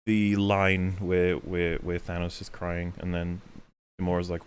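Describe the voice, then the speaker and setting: A man co-hosting a podcast in casual banter, retelling scenes with animated mock quotes. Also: deep voice, a little slow, clean tone. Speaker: podcast co-host.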